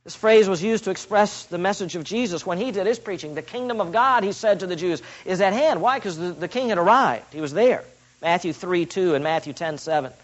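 A man with a high voice preaches an expository sermon. He is emphatic and slows right down on the phrases he wants to land. The recording sounds dull and lo-fi. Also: expressive. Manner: emphatic, builds up key phrases slowly for stress. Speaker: pastor.

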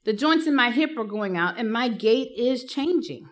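A woman's voice: on the high side, normal speed. A woman giving a live talk to counselors, telling stories with humor and acting out the people she quotes. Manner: lively, humorous storytelling with acted-out quotes. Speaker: speaker teaching counselors.

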